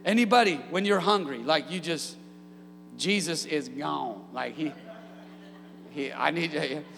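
A man preaching a sermon as pastor, energetic with humorous asides and building to shouted peaks. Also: fairly high pitch, a little slow, vocal fry, in a large hall, slight background noise. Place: church sanctuary.

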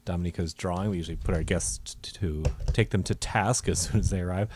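A man's voice: deep voice, fast talker, a little mellow, slightly rough. A man co-hosting a comedy podcast, joking and rambling in casual chat. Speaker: podcast co-host.

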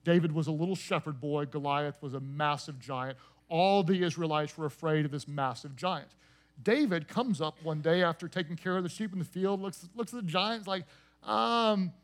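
A male pastor preaching a sermon, leading the congregation in call-and-response chants and rising to shouts. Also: a little high, a little fast.

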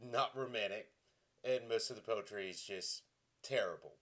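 A man's voice: lowish voice, moderate pace, fairly bright tone. A man in his forties from Tennessee, giving self-mocking dramatic readings with a mock-dramatic, self-deprecating delivery. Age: 40s. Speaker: comedic vlogger.

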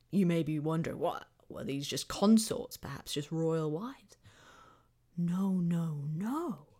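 A woman's voice: fairly low pitch, a little mellow. A woman hosting a podcast, narrating in a chatty, self-deprecating way and reading quotes aloud. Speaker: podcast host.

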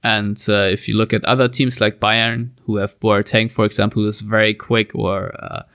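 A man's voice: fairly low pitch, level tone, moderate pace, fairly bright tone, no room sound, clean studio sound. A man hosting a football podcast, asking long, carefully built questions of his guest. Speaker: podcast host. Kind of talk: casual podcast discussion.

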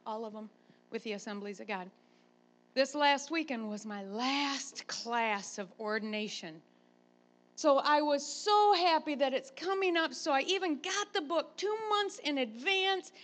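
A woman pastor, a grandmother, preaching a sermon and telling a chatty, animated personal story. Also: sits high.

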